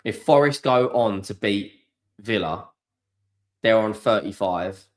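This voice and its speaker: Ranting man with a lively voice. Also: lowish voice, slow pace. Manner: exasperated ranting, swears freely. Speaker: fan streamer hosting a watchalong. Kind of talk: live football watchalong commentary.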